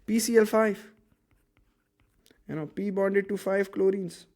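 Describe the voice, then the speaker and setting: A man teaches chemistry in a loose, playful way. His voice sits high for a man, and he counts electrons aloud as he draws while teasing his own sketches. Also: steady tone, unhurried, darkish tone. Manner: jokey, self-mocking, counts aloud while drawing. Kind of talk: casual classroom lesson.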